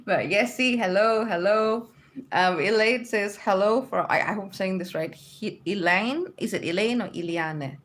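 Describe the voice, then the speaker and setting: A woman's voice: mid-range voice, moderate pace. A woman hosting a casual livestream from home, reading viewer comments aloud and chatting back with frequent laughs.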